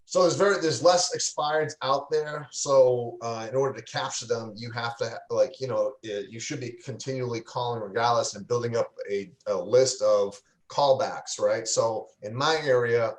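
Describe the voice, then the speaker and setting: A man's voice: mid-range voice, moderate pace, hardly any pauses. A man, a real estate coach, talking casually on a livestream interview over a video call, loose and full of fillers and restarts. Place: indoors, home in a cold city. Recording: echoey room.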